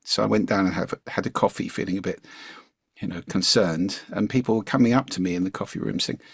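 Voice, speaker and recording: A man being interviewed as a communication coach, explaining his points in an articulate, measured way. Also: lowish voice, vocal fry, husky. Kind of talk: interview conversation.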